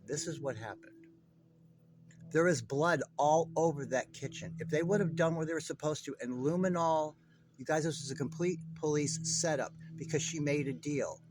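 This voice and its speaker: A man's voice: fairly high pitch, normal speed, background noise. A man delivering a heated true-crime monologue straight to his viewers, agitated, profane and rambling. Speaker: online commentator.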